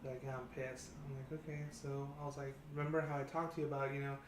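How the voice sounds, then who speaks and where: Male therapist telling client stories, mid pitch, echoey room, faint hiss. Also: flat delivery, very fast. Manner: storytelling, acts out quoted dialogue. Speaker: therapist working with high schoolers. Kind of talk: casual panel chat. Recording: roomy studio with faint background noise.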